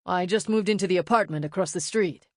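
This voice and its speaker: A woman's voice: on the low side, fast talker, darkish tone, dry recording, clean studio sound, lightly acted. A woman voicing a friendly, polite male neighbor with a Mexican-style accent in an audiobook, apologetic and in a hurry. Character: friendly male new neighbor, around forty. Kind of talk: audiobook character voice.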